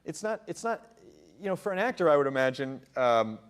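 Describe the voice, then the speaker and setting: A man's voice: fairly high pitch, very animated, a little fast, a little hiss or hum. A man hosting a talk show, chatting casually with a guest, bubbly and rambling. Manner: bubbly, rambling, laughing often. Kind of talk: casual interview chat.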